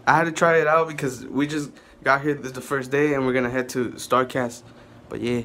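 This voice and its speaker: A young man hosting a casual travel vlog, talking excitedly and joking loudly to the camera. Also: fairly high pitch, moderate pace. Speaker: vlogger. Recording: music playing loudly behind.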